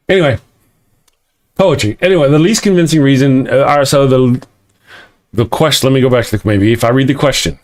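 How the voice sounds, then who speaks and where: A man's voice: mid-range voice, normal speed, long pauses. A middle-aged man with a Texas accent hosting a live-stream morning show, rambling and self-mocking as he reads viewer comments and laughs often. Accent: Texan.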